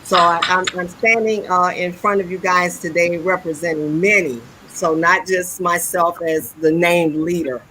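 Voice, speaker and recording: A woman's voice: on the low side, steady tone, sharp tone, slight background noise, rough recording. A woman guest on a live stream speaking earnestly and steadily over a video call. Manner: earnest, measured, with some restarts. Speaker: guest, historical society president.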